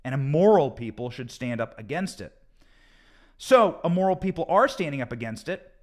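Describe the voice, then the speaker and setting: A man's voice: fairly high pitch, sing-song, moderate pace, darkish tone. An American man hosting a political commentary show, talking emphatically and sarcastically and repeating points for effect. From United States. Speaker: host.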